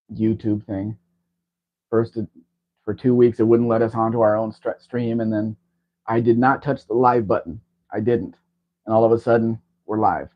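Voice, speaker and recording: A man hosting a casual livestream chat, talking in a rambling, chatty way. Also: fairly low pitch. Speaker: livestream host. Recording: dull lo-fi stream audio.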